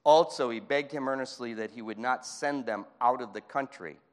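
A man preaching a fervent sermon in a church, moving between shouting and hushed speech. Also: mid-range voice, normal speed. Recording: long hall reverb.

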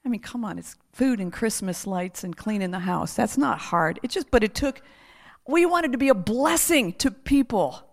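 A middle-aged woman preacher telling a testimony with lively laughter, then leading a hushed prayer. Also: medium pitch, moderate pace, gravelly. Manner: animated storytelling with laughter, sliding into hushed prayer.

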